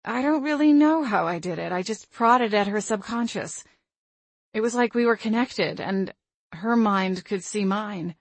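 A woman's voice: mid-range voice, animated, measured pace, no echo. A woman voicing a frank, wry female friend with psychic gifts in an audiobook, blunt and down-to-earth. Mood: puzzled.

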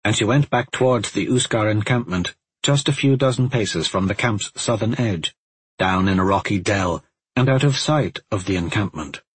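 A man calmly narrating a fantasy story in a steady, even storytelling manner. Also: fairly low pitch, normal speed, husky. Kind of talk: audiobook narration.

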